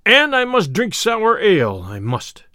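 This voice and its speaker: A man's voice: high voice, huge pitch swings, unhurried, sharp tone, no echo, studio quality, voice pushed up, exaggerated voice. A man playing a merry, bold outlaw with a jaunty, boisterous manner. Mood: defiant. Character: merry bold male outlaw, laughing and sly.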